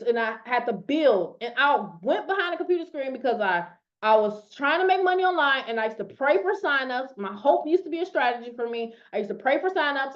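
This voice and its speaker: A high-pitched woman in her thirties tells her story to a group on a video call, emphatic and conversational, dropping in "y'all". The audio is dull and lo-fi. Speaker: network marketing coach. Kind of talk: motivational talk on a call.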